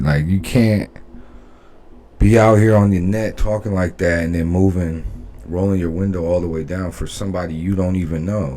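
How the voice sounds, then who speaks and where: A man's voice: low voice, warm tone. A man hosting a reaction video, giving laid-back, opinionated commentary and repeating his points. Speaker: reaction channel host.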